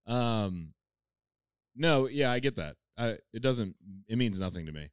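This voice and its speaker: A man's voice: lowish voice, lively intonation, measured pace, clean tone, no room sound, studio quality. A man in casual, profane podcast banter, joking and doing mocking impressions.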